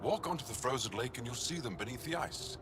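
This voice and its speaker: A man's voice: medium pitch, lively intonation, quick pace, very noisy, close to an everyday voice. A man voicing an earnest alien researcher with a New Zealand accent.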